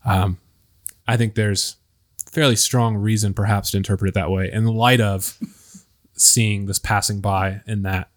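Male podcast host, low even voice, hesitant with lots of ums, leads the study. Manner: hesitant, many ums and pauses. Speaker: podcast host leading discussion. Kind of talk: casual Bible study discussion.

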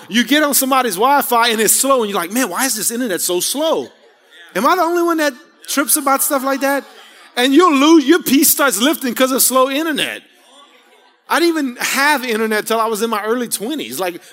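A man's voice: extremely high pitch, a bit bright, long reverb tail. A man in his thirties preaching a sermon, conversational and rambling, full of asides and rhetorical questions. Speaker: pastor. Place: church sanctuary.

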